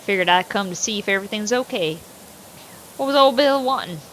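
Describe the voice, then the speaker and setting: A woman voicing a calm, plain-spoken male sheriff in a game. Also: medium pitch, fairly quick, slight background noise, lightly acted, poor audio. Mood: steady.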